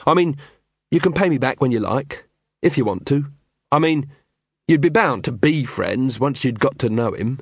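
A man's voice: mid-range voice, lively intonation, moderate pace, breathy edge, no room sound. A man voicing an earnest, kind and naive young male watch officer who speaks eagerly.

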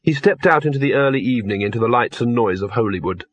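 A husky male narrator reads a fantasy audiobook in a measured, wry way. The recording is dry and dull, with a lo-fi edge. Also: medium pitch, lively intonation, no room sound.

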